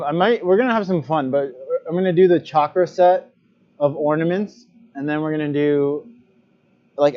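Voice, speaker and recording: A man talks through a live stream in an unhurried, drawn-out way, thinking aloud as he tinkers with his setup. His voice sits a bit higher than most men's. The audio is dull and lo-fi. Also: darkish tone. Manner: chatty, thinks aloud while fiddling with stream settings. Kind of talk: casual livestream chat.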